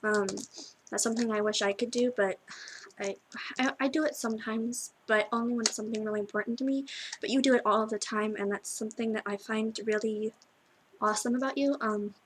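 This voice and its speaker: A teenage girl recording a tearful video message to her best friend, halting and full of restarts as she cries. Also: fairly high pitch, steady tone, a little hiss or hum, rough recording. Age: teens. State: crying. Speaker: vlogger.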